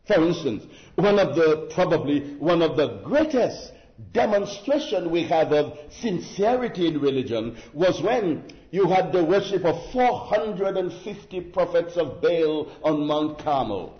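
A man preaching a sermon in a slow, deliberate, emphatic way, with rhetorical asides to his listeners. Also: fairly high pitch, big pitch swings. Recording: muffled lo-fi sermon recording.

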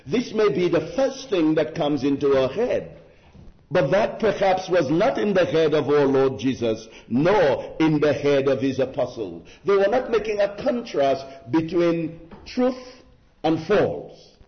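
A man preaching a sermon in a slow, deliberate, emphatic way, with rhetorical asides to his listeners. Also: on the high side, big pitch swings. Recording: muffled lo-fi sermon recording.

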